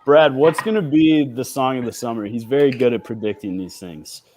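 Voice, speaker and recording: A man's voice: mid-range voice, normal speed, darkish tone, slight background noise. A man hosting casual comedic banter, steering the chat with questions.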